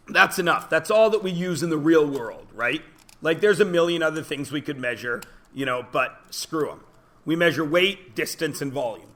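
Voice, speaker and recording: A man's voice: fairly high pitch, a bit bright. A man teaching a class, chatty and joking as he lectures and quizzes his students in a classroom.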